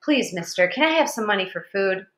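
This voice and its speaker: A timid young boy, hungry and sore, pleading politely with strangers, as a woman reading aloud puts him on. Her tone is bright, in an echoing room. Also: mid-range voice, expressive, brisk, lightly acted. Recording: echoey room.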